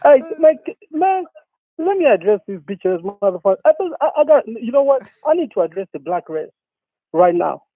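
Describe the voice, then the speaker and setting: This caller's voice is very high-pitched and sing-song, running a little fast on a dry recording. Phoning in to a talk show on a tinny line, he launches into a worked-up rant full of profanity and repetition.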